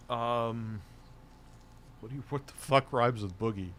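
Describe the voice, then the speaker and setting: A man's voice: medium pitch, unhurried, long pauses, fairly bright tone, slight background noise. A man hosting a livestream, chatting casually in a profane, rambling, offhand way. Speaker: livestream host.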